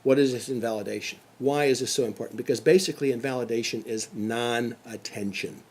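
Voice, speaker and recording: A man's voice: mid-range voice, a little fast, a little mellow, husky. A middle-aged man giving a motivational sales lecture, emphatic and repeating his key phrases. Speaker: sales trainer.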